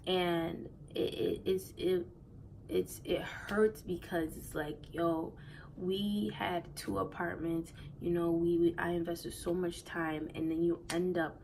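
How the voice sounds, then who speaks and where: A woman's voice: lowish voice, little pitch movement, slow pace, darkish tone, slight background noise, poor audio. A young woman telling a personal storytime in a casual, slangy way, emotional and close to tears, often repeating herself. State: near tears. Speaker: vlogger.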